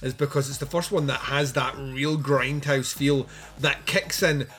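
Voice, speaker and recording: A man's voice: medium pitch, steady tone, measured pace, fairly bright tone. A man co-hosting a film podcast, rambling casually with lots of fillers, restarts and swearing. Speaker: podcast co-host. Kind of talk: casual film review chat.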